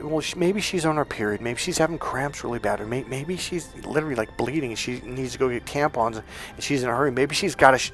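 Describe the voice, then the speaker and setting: A man who coaches men on dating, talking casually to his viewers, swearing freely and acting out the people in his stories. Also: a little high. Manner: profane, animated storyteller acting out quotes. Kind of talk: casual lecture to camera.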